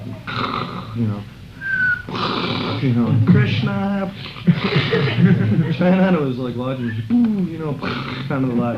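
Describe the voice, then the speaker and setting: Middle-aged man, casual storyteller, rambling delivery, mid-range voice, slightly dull lo-fi recording. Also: medium pitch. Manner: rambling, many fillers; acts out quotes in a raised voice. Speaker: interviewee recalling a friend. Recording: muffled recording with clear background noise.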